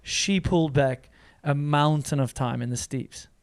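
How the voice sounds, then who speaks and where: A man's voice: a little high, a little slow, smooth. A man hosting a podcast in casual, enthusiastic chat, laughing often and restarting sentences. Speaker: podcast host.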